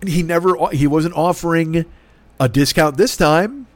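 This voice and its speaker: Guy in his middle years ranting, swears a lot, highish voice, dead dry mic. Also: moderate pace, no echo. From Chicago. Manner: profane, exasperated, acts out both sides of the argument. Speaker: podcast host. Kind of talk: ranting storytelling.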